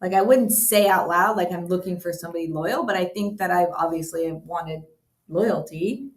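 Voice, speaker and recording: A woman co-hosting a podcast in casual chat, soft-spoken and a bit hesitant. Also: on the low side, moderate pace. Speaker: podcast co-host. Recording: echoey room.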